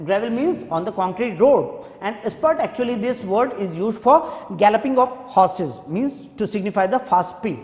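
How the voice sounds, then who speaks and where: A man teaching by reading a story aloud and pausing to gloss each difficult word in plain terms. His voice sits high. It echoes around a roomy space and trails off in a long reverb. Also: lively intonation. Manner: explains each word in simple terms, then goes back to reading. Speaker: English teacher.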